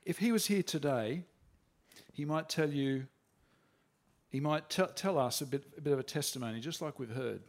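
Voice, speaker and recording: A man with a somewhat high voice delivers a sermon. He speaks earnestly and plainly and often restarts his sentences. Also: normal speed, pauses often. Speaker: preacher.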